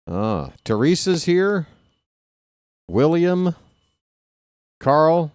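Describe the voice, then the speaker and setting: A man streaming casual live baseball play-by-play, chatting with viewers and reading out their names between pitches. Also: animated, slow, pauses often, darkish tone, clean tone, no echo, studio quality. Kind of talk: live play-by-play with chat shout-outs.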